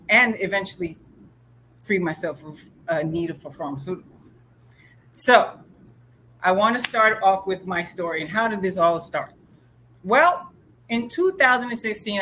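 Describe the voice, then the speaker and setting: A woman's voice: on the low side, fairly bright tone, a little hiss or hum, rough recording. An American woman giving a public lecture, earnest and personal as she mixes facts with her own story. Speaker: lecture speaker. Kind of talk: public talk.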